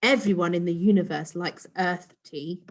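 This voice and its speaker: A woman's voice: fairly low pitch, normal speed, a little hiss or hum, natural voice. A woman voicing a friendly, polite green alien lady neighbour in a children's storybook. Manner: bright, twinkly, polite.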